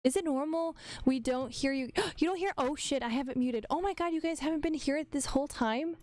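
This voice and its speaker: A woman's voice: high voice, fairly quick, a little mellow. A woman streaming a game live, playful and giggly as she reads the dialogue aloud.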